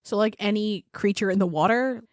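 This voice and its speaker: A woman's voice: medium pitch, a little fast, no room sound, studio quality. A woman co-hosting a podcast, retelling a folktale in a casual, profane, giggly way. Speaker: podcast co-host. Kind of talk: casual storytelling chat.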